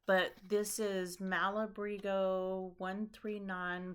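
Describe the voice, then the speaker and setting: A woman's voice: mid-range voice, little pitch movement, takes it slowly, hardly any pauses, clean tone. A tired woman hosting a casual knitting chat, rambling with lots of ums and restarts. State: tired after a long trip. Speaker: knitting podcast host.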